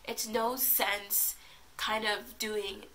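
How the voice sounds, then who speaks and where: A woman's voice: medium pitch, flat delivery, extremely slow, bright, forceful tone. A young woman with a congested, stuffy voice, giving a casual, opinionated TV recap on her channel, full of "like" and "um". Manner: opinionated, lots of "like" and "um" fillers. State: congested from a cold. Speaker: YouTube recap vlogger.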